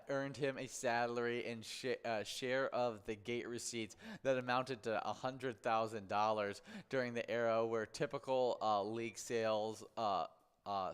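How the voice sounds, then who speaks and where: A man's voice: mid-range voice, a bit bright, smooth. A man hosting a bingo livestream, chatting casually and reading out celebrity birthdays with many fillers and restarts.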